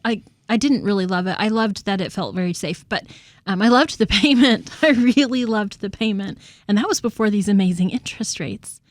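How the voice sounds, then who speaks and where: Lady co-hosting a podcast, chatty, laughs a lot, average pitch, dry close mic. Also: brisk, dry recording. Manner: chatty, laughs often, repeats words when starting. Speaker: co-host and real estate agent. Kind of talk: casual podcast chat.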